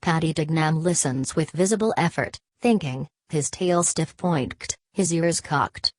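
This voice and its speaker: A woman narrating a novel aloud in a measured, even reading manner. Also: sits low, dry recording. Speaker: audiobook narrator. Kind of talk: scripted literary narration.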